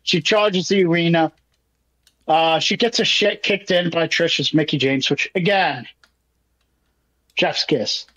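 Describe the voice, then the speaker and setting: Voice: mid-range voice, slow pace, long pauses, fairly bright tone, poor audio. A podcast co-host recapping a show in casual chat, with profane play-by-play and acted-out asides.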